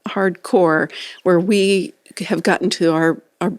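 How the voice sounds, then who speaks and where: A woman co-hosting a podcast in casual chat, easygoing and quick to laugh, often finishing her co-host's sentences. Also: on the low side, steady tone, dry recording. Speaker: podcast co-host.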